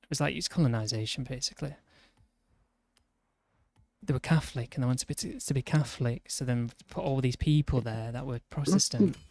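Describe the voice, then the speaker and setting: A man's voice: medium pitch, brisk, darkish tone. A young man with a Yorkshire accent, chatting bluntly and teasing a friend while streaming a racing game, often restarting his sentences. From northern England. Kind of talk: casual chat while gaming.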